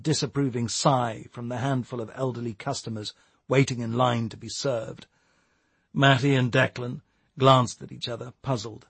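A man reading a novel aloud in a steady, measured storytelling manner. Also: mid-range voice, gravelly, slightly rough, no room sound. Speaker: audiobook narrator. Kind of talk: scripted narration.

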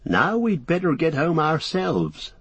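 A man voicing a lively, teasing young male hobbit in an audiobook. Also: on the high side, measured pace, husky, dry recording, pitched above the performer's own voice, full character voice. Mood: brisk. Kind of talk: audiobook character voice.

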